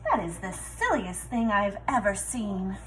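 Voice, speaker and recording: A woman's voice: mid-range voice, lively intonation, a little slow, echoey room, background noise, close to an everyday voice. A woman reading aloud and voicing an unimpressed female cow with dry, doubtful asides. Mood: skeptical.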